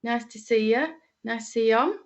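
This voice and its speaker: A woman's voice: a little high, a little fast. Chatty Lancashire woman, dull lo-fi audio. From Lancashire, England. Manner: chatty, homely, with frequent fillers and repeated greetings. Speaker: medium. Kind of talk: livestream greetings and mediumship reading.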